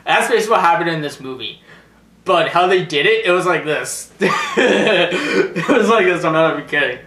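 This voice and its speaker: A young man giving a casual movie review, animated and laughing often, swearing freely. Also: sits high, normal speed, echoey room, background noise.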